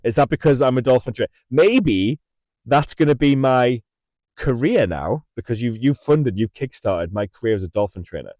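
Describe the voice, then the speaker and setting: A man's voice: mid-range voice, animated, normal speed, dark tone, dry recording. A middle-aged man in a parked car, telling a rambling story on his livestream, laughing and repeating himself often. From England. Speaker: livestream host. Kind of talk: casual storytelling chat. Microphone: mic in the car.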